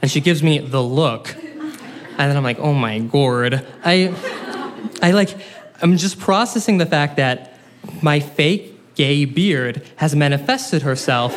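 A young man with a slightly higher voice tells a comic personal story to a live crowd. He is animated and self-mocking and tosses in quick asides.

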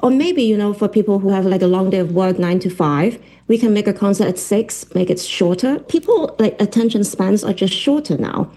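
A woman's voice: mid-range voice, animated, a little fast, hardly any pauses, warm tone. A woman conductor from Hong Kong, answering interview questions earnestly with many fillers. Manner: earnest, lots of fillers, laughs while telling stories. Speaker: orchestra conductor. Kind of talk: broadcast interview.

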